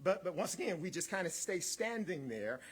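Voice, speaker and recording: Husky, high-voiced preacher. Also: male voice, very animated, fairly quick, fairly bright tone. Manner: repeats words, builds in waves, calls on the congregation; chuckles between points. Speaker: guest minister. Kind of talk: rousing sermon.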